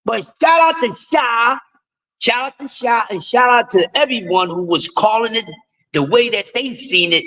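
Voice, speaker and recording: A middle-aged man talks sports on a casual live stream in a raspy, bright-edged voice. He sits high in his range and rambles in a loose, jokey way, doubling back on his words. He comes from the US East Coast. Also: poor audio. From East Coast of the United States.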